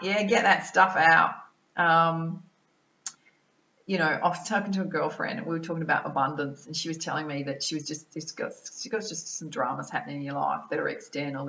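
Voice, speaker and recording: An Australian woman, a mind-body-soul balance coach, giving an energetic, chatty motivational talk to camera and tacking "right?" and "yeah?" onto her sentences. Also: low voice, gravelly, reverberant, lo-fi sound. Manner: energetic, chatty, keeps adding tag questions like "right?" and "yeah?".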